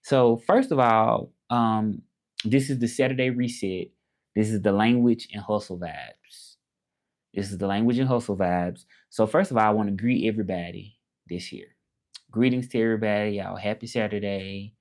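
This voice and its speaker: A man's voice: on the low side, normal speed, darkish tone. A man with a Southern accent from Memphis, chatting loosely on a livestream and greeting viewers from his laptop. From Memphis, Tennessee. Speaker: livestream host. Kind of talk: casual livestream chat. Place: indoors at a laptop.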